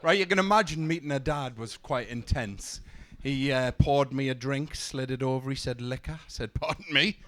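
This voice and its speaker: Stumbling deadpan comic. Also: male voice, medium pitch, moderate pace, hardly any pauses. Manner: deadpan one-liners with stumbling restarts. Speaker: stand-up comedian. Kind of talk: stand-up set. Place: comedy club stage. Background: audience laughter.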